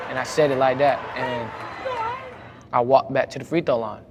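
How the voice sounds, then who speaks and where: A young man, telling a story about a high school basketball game in casual talk, growing loud when he replays arguments. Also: fairly quick. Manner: animated, gets louder retelling arguments. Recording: faint background noise.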